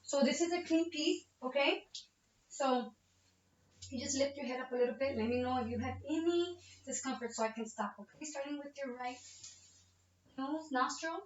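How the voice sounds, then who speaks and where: High-voiced woman narrating an exam. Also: moderate pace, a little hiss or hum. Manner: explains each step to the patient, checks in with frequent "okay?". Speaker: nursing student doing a practice exam. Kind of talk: narrated physical exam demonstration. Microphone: laptop webcam. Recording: roomy, distant, muffled webcam audio.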